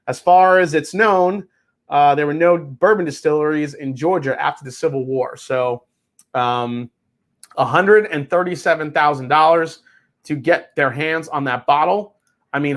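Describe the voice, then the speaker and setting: A man's voice: a little high, a bit bright. A man hosting a whiskey livestream in casual chat, rambling with restarts and swearing freely while reading chat messages. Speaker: whiskey show host.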